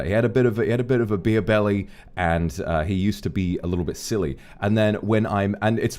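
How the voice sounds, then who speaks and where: Man, low voice, casual storytelling, swearing, rambling, faint background music. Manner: rambling, profane, animated anecdotes. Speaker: streamer.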